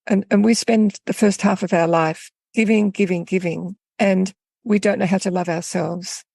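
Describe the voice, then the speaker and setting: A woman coach speaking as an interview guest, thoughtful and unhurried, telling stories with small restarts. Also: medium pitch, steady tone, vocal fry, a little mellow, dry recording. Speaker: guest, coach for women in midlife. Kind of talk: reflective interview talk with storytelling.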